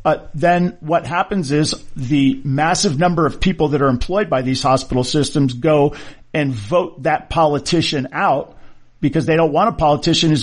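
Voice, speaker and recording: A middle-aged man, a surgeon, talking casually and arguing his point with rhetorical questions. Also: a little high. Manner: conversational, argumentative, rhetorical questions. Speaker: orthopedic surgeon. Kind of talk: casual monologue.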